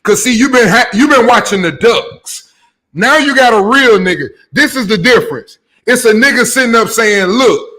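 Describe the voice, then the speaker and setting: A man's voice: high voice, normal speed. A man in a heated casual debate who talks animatedly and keeps cutting in to grab the floor. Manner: animated, interrupts with repeated "hey".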